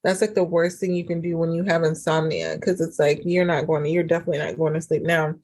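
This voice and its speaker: A woman hosting a casual solo podcast as a relationship coach, chatty and animated, full of fillers. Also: low voice, quick pace. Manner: chatty and animated, acts out quoted dialogue; frequent fillers like "like" and "um".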